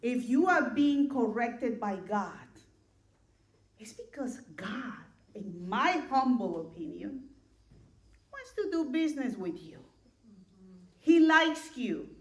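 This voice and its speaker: A woman delivering a sermon in a slow, deliberate way, reading scripture in a measured cadence and repeating key lines for emphasis. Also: fairly high pitch, very animated. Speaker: clergy member giving a sermon. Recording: roomy echo of a large room.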